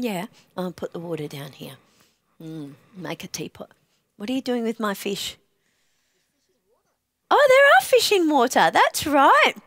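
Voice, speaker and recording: A woman presenting to young children, speaking in a gentle, encouraging way and asking playful questions between songs. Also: a little high, no room sound.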